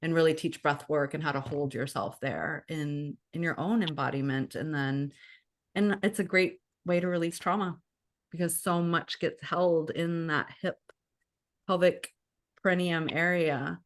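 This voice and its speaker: Woman, low voice, wellness coach, frank, earnest, rambling restarts, video call. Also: measured pace. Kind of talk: casual talk on a group video call.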